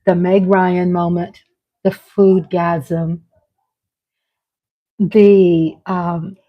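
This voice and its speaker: A woman's voice: lowish voice, level tone, very slow, narrow, tinny audio. A woman with a Southern US accent hosting a casual livestream vlog, chatty and playful, laughing often. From Texas. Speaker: vlog host.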